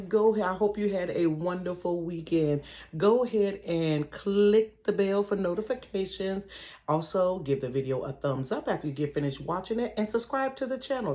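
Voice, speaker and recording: Middle-aged woman vlogger, casual storytime, animated and chatty, talks straight to her viewers. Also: on the low side. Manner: animated, slangy, keeps addressing listeners directly. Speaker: vlogger telling a personal story. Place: bedroom.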